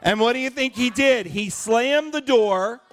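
A man's voice: very high-pitched, measured pace. A man leading a church service, telling a picture-book story and asking the audience questions. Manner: animated, asks the audience questions. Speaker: pastor.

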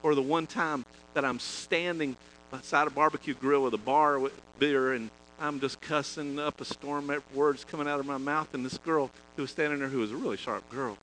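A man preaching a sermon, telling folksy personal stories, swinging between loud emphasis and quiet asides. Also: medium pitch, steady tone, moderate pace, a little hiss or hum, low-quality recording. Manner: chatty, folksy, repeats and restarts phrases.

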